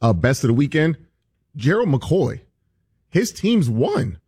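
A man's voice: fairly high pitch, very animated, slow pace, a little mellow, husky, no room sound, studio quality. A man co-hosting a sports talk show, amused and conversational.

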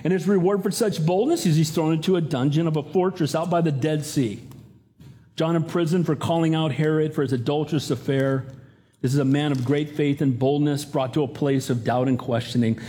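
A man's voice: fairly high pitch, steady tone, fairly quick, mellow. A pastor in his fifties or older preaching a sermon, earnest and emphatic, rising to urgent appeals.

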